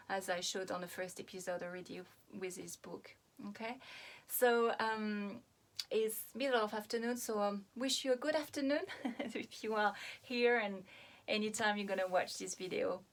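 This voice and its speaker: A middle-aged woman with a French accent, a hypnotherapist giving an earnest self-help talk, pausing often with fillers and restarts. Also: medium pitch.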